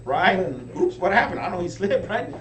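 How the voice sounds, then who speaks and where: A man giving a high-energy motivational training talk to a live audience, often checking in with them. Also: a little fast. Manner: energetic, keeps asking the crowd "right?". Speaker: business team leader training recruits. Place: meeting room with an audience. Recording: echoey room, distant mic, faint hum.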